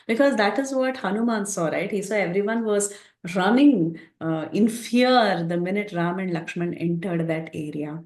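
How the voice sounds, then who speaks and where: A woman teaching a scripture class, retelling the story with lively quoted dialogue. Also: mid-range voice, moderate pace, roomy sound.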